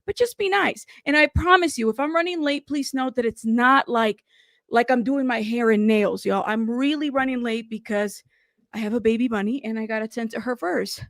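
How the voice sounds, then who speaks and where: Chatty woman streamer with a gravelly voice. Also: fairly high pitch, moderate pace, fairly bright tone, no echo, clean studio sound. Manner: chatty and apologetic, often thanking chat and saying "y'all". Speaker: live-stream host. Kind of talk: casual live-stream chat with viewers.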